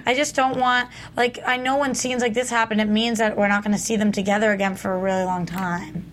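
A woman co-hosting a television aftershow, recapping scenes in a gushing, chatty way. Her pitch sits in the middle range. There is a faint hum of noise behind her. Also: steady tone, a little fast, fairly bright tone. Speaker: co-host of a TV aftershow. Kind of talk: casual gossip chat.

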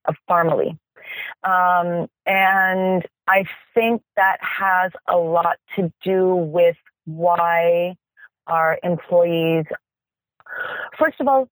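A middle-aged woman farmer from San Diego, a podcast guest answering in an animated, jokey way with fillers like um. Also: medium pitch, no echo, low-quality recording. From San Diego, California. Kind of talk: casual interview answers.

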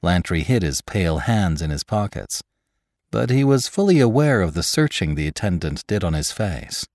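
A man narrating a classic story for a podcast, measured and expressive. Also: low voice, dry recording, studio quality.

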